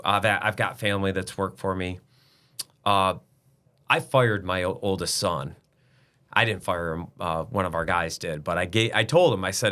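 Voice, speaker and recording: A man's voice: lowish voice, normal speed, bright, forceful tone. A middle-aged man, a business owner guest, talking bluntly and emphatically in a casual interview, now and then swearing.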